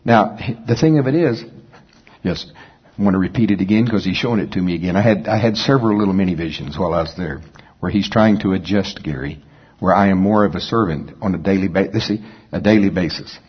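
A man preaching a sermon in a folksy, conversational way, breaking off into quick asides. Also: low-pitched, slightly rough, dull audio. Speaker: pastor.

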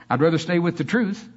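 Husky-voiced male preacher, fiery then hushed, slightly high, dull church recording. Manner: fiery, swings from loud emphasis to soft asides. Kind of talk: sermon.

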